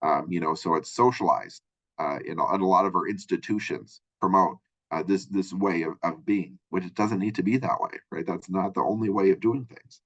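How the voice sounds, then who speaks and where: A man's voice: low-pitched, moderate pace. A man teaching as a college communication instructor in a recorded lecture. He talks conversationally and keeps checking in with "right?" and "you know.". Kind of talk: recorded textbook chapter lecture. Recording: dull lo-fi audio.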